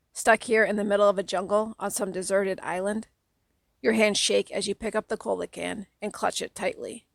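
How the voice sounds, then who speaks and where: A woman narrating a children's audiobook in a steady, plain storytelling manner. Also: medium pitch, creaky, no room sound, studio quality. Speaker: audiobook reader.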